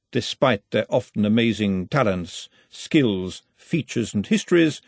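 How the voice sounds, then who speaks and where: A man's voice: fairly low pitch, no room sound. A man playing a silky calculating ruler. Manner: slow, silky, precise. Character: smooth calculating male ruler, silky and measured.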